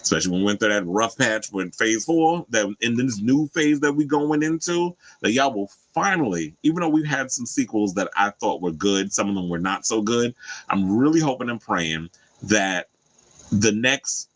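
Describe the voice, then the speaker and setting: A man with a fairly low voice hosts a casual celebrity gossip show. He is chatty and animated, and his pitch jumps sharply for emphasis and acted-out quotes. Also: moderate pace, poor audio. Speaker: host.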